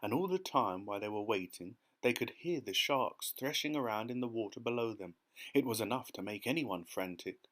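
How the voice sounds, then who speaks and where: A man reading an audiobook as narrator in an even, quiet storytelling manner. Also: on the low side, a little fast. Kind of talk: scripted narration.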